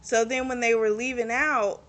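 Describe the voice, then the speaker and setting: A woman's voice: fairly high pitch, little pitch movement, normal speed, fairly bright tone. A young woman casually retelling a book's plot, chatty and full of fillers, swearing freely. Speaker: book reviewer. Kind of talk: casual book recap.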